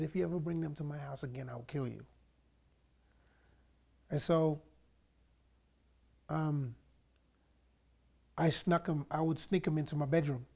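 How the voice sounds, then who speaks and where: A man from England telling his personal faith story in a lively, animated way, acting out the quoted voices of others. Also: a little high, vocal fry, husky.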